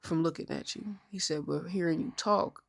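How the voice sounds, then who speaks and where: A woman of thirty co-hosting a podcast, telling stories in an outspoken, mostly even-toned casual chat. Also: lowish voice, moderate pace, creaky. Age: 30s. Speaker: podcast co-host.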